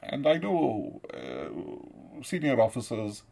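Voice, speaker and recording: A man's voice: mid-range voice, wildly swooping pitch, slow pace, gravelly, a little mellow, slight background noise. A middle-aged man from South India, giving a rambling, profane political monologue and laughing often between points. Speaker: commentator.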